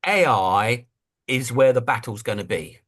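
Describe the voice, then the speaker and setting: A man's voice: medium pitch, unhurried. A man talking as a guest in a casual conversational interview over a video call, telling stories and acting out what other people say. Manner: animated storyteller who acts out quotes. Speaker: guest investor and writer.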